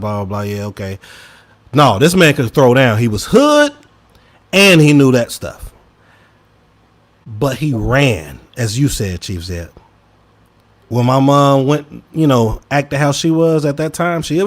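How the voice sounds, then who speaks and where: A man talks through an opinion podcast in a mid-range voice. He turns emphatic, jumping up into loud, high bursts and then dropping into low, quiet mutters. He speaks straight to his listeners in a loose, conversational way. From Chicago. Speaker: podcast co-host. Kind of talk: casual opinion commentary.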